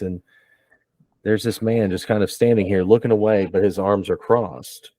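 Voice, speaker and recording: A man narrating as game master of a tabletop game, in a relaxed, rambling way. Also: on the low side, normal speed, no room sound.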